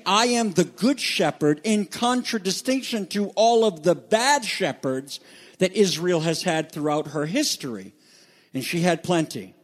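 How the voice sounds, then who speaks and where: A pastor preaching a morning sermon in a slightly raised voice. He reads passages aloud and explains them earnestly, now and then stopping to restart a thought. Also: high voice. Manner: earnest preaching with scripture readings, some restarts.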